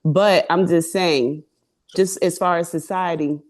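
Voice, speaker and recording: A woman's voice: lowish voice, fairly even intonation, unhurried, darkish tone. A woman on a discussion panel who rambles and restarts as she builds up a long question. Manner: rambling, repeats openings while building a question.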